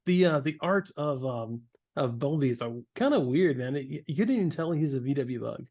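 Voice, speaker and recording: A man's voice: a little high, lively intonation, brisk, darkish tone, lo-fi sound. Laughing, stammering man host. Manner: laughs often, stammers and restarts. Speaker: podcast host. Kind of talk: casual chat.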